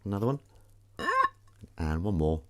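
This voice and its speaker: A man's voice: low-pitched, lively intonation, moderate pace, warm tone. Jokey rambling man washing up. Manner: rambling, jokey, self-mocking, swears. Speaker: host doing the washing up on a live stream. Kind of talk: casual chat while washing up.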